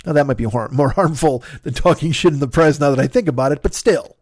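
A man's voice: on the high side, fast, few pauses, darkish tone, dry recording, studio quality. A man hosting a comedy podcast, ranting sarcastically and acting out other people's voices. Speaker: podcast host. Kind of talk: profane comedic monologue.

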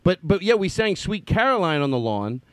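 Lively, high-voiced man telling stories. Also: fairly quick, no echo. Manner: animated storyteller, acts out quotes. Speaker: podcast host. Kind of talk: casual chat.

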